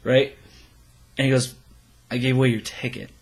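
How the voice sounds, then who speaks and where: A young man co-hosting a casual chat show, his voice sitting at an ordinary middle pitch. He tells a long story and swears freely. He acts out his friends' lines as he goes. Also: fairly even intonation, moderate pace, gravelly, slightly rough. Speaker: podcast co-host.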